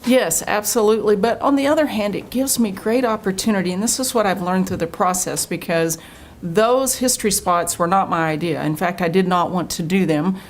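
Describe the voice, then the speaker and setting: A middle-aged woman from Oklahoma, a state official answering interview questions in an earnest, storytelling way that turns animated when she quotes people. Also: mid-range voice, brisk, a little hiss or hum.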